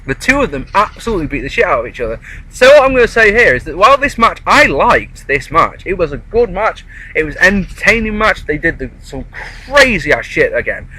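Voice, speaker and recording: A man's voice: high-pitched, very animated, fairly quick, bright, forceful tone, slightly rough, rough recording. A man chatting casually outdoors in a park, rambling through a wrestling show review. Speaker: wrestling vlogger.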